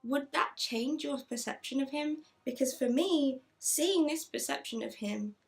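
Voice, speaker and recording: Gushing, chatty woman with a gravelly edge. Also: sits high, measured pace, soft background music. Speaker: book vlogger. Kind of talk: casual book review with read-aloud passages.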